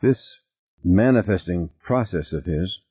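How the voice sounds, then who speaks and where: A man voicing a tense, determined woman in a lifted, brisk voice, husky. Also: low-pitched, lively intonation, full character voice. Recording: tinny phone-like band.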